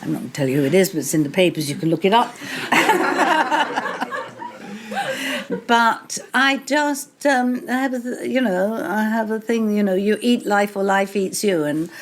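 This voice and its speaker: A woman's voice: medium pitch, expressive, normal speed, background noise. An older English woman, a guest author at a live bookshop event, telling stories in a wry, anecdotal way and laughing often. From England. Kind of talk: live interview storytelling. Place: bookshop event before an audience.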